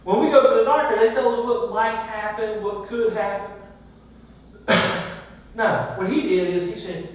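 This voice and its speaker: A man's voice: high-pitched, measured pace. A male pastor preaching a sermon, asking his congregation many rhetorical questions. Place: church sanctuary. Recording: echoey church from far off.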